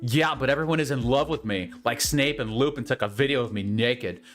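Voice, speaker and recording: A man's voice: mid-range voice, a little fast, fairly bright tone, natural voice. A whiny, self-pitying goth teenage girl complains dramatically, as a man reading a story puts her on. Faint guitar music plays behind.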